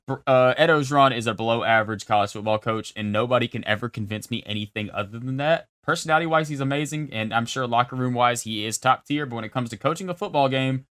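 Young guy talking fast on a sports podcast, super opinionated, dry close mic. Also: medium pitch, fairly bright tone, clear, resonant tone, dry recording. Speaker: podcast co-host. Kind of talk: casual sports chat.

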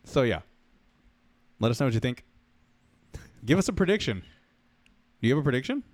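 Male podcast co-host, medium pitch, teasing offhand humor. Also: very animated, fairly quick, no room sound. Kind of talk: casual chat.

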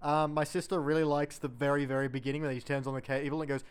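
A man's voice: a little high, little pitch movement, fast talker, clear, resonant tone. A man in a casual podcast chat, playful and joking. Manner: playful, drops into silly voices. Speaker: podcast co-host.

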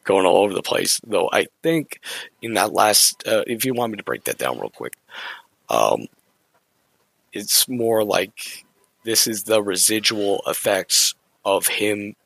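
A man's voice: deep voice, gravelly, pushed and bright, breathy edge, no room sound, poor audio. A man co-hosting a casual Bible study podcast, talking things over and reading scripture aloud with shifting inflection. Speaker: podcast co-host.

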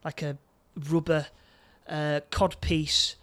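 A man with a fairly high voice talks through a film scene by scene in casual chat. He stumbles often, repeating words and padding with fillers as he goes. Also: little pitch movement, takes it slowly, a bit bright. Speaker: podcast co-host.

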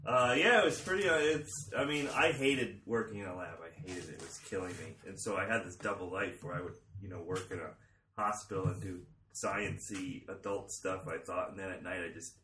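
Comedian man, lowish bright voice, self-deprecating and laughing easily; roomy sound, set back from the mic. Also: fairly quick, far from the mic, slight background noise. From Chicago. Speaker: comedian guest. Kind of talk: casual podcast chat.

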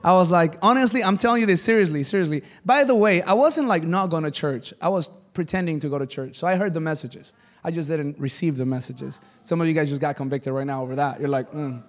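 A man with a high voice preaches to a church congregation. He tells a personal story in an animated, joking way, bursting into loud exclamations and then dropping to quiet, serious asides. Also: fast. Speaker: pastor. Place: church service before a congregation.

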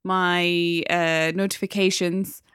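A young woman with a Geordie accent, chatting as a podcast co-host, animated and ranting, swearing freely and laughing often. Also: on the low side, slow, clear, resonant tone, no room sound, clean studio sound. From North East England. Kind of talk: casual chat.

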